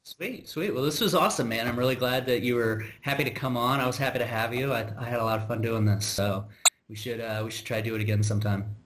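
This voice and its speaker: A man's voice: mid-range voice, fast talker, background noise. An American man hosting a podcast, telling a work story in a rambling, exasperated way with many restarts and asides. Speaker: podcast host. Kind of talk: casual conversational storytelling.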